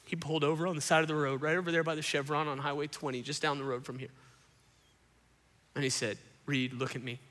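Young pastor guy preaching, kinda high voice, acts out every quote, big reverby church sound. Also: fast, pauses often. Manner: animated, acts out quotes, addresses crowd as y'all. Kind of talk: storytelling sermon. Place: church auditorium before a congregation. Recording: long hall reverb.

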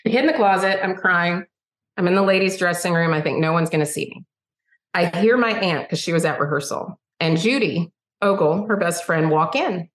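A woman guest, a singer-songwriter, telling stories in a chatty, animated way and acting out the dialogue. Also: fairly low pitch, moderate pace. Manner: chatty, animated storyteller who acts out dialogue. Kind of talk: casual interview storytelling. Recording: roomy echo.

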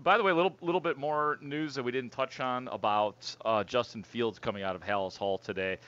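A man's voice: medium pitch, a little fast, a bit bright, clean tone. A man co-hosting a sports radio show, teasing his partner in wry banter. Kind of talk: casual sports radio talk. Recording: slightly dull radio broadcast audio.

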